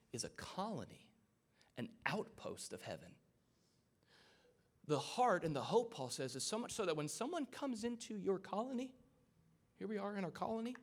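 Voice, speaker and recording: Joking, conversational man preaching a sermon. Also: a little high. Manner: conversational, joking asides to the congregation. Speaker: pastor. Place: church sanctuary with a live congregation.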